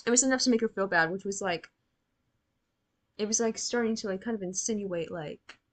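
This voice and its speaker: A woman's voice: mid-range voice, animated, fairly quick. A young woman talks through her reactions to a TV episode in casual commentary. She is blunt and sarcastic, swears often, and scolds the characters as if they could hear her. Her voice sits in a mid range.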